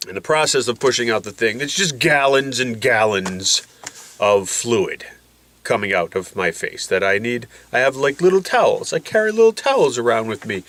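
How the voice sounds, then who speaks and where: A man with a stuffy, congested voice rambles through a casual vlog, medicated and slightly woozy. His tone is bright and edgy, recorded close and dry, and he grumbles with self-mocking humor. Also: mid-range voice, lively intonation, normal speed, no room sound. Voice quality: stuffy, congested voice from nasal packing. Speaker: vlogger.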